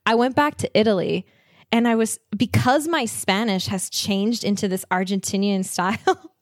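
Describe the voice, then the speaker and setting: A woman chatting as a guest on a travel talk show, animated and laughing often as she tells stories. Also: mid-range voice, moderate pace, dry recording, clean studio sound. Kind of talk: casual conversation.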